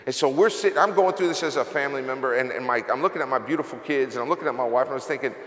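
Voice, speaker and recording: Racing along in a mid-range, fairly bright voice, a middle-aged CEO delivers a confessional, earnest motivational speech on stage, telling his story with emotion. The large event hall gives the recording a long, echoey reverb.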